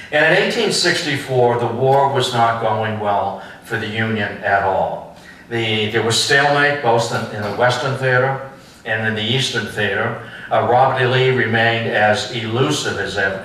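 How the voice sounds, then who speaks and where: Man lecturing on history, bright voice, emphatic repeated phrases, very echoey room, distant mic. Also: lowish voice, slight background noise. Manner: slow emphatic recitation with repeated phrases and rhetorical questions. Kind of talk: lecture to an adult class.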